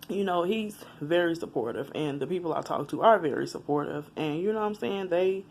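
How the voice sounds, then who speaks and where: A woman talking frankly and emotionally straight to her viewers in a personal vlog, laughing at times and holding back tears at others. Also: low voice. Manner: frank and conversational, addresses viewers directly. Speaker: vlogger. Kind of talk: candid personal vlog confession.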